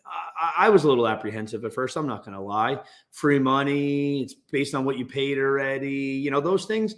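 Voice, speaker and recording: Animated man telling a story. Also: mid-range voice, a little fast. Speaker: guest business owner. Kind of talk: casual storytelling interview.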